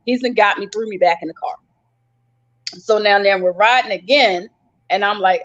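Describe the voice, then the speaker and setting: A woman's voice: medium pitch, moderate pace, long pauses, fairly bright tone. A woman guest on a live panel recounting her story vividly, acting out her own cries for help. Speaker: guest survivor. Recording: dull lo-fi livestream audio.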